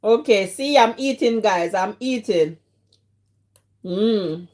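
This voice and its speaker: A woman's voice: mid-range voice, slow pace, darkish tone. A Jamaican-British woman hosting a casual live stream, teasing her chat and laughing often while she eats. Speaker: livestream host.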